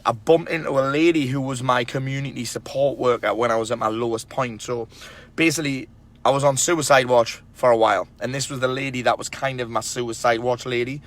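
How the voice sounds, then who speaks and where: A men's self-help speaker with a medium-pitched, fairly bright voice addresses the camera directly in a casual motivational monologue. He's blunt and emphatic, swearing often as he hands out tough-love advice to other men.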